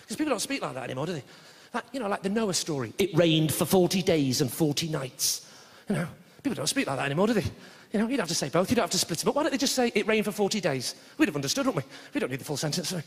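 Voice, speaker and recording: A man with a high, slightly bright voice performs live stand-up in a theatre, bantering with the crowd and frequently tossing in tag questions. The recording is echoey, with audience noise in the background.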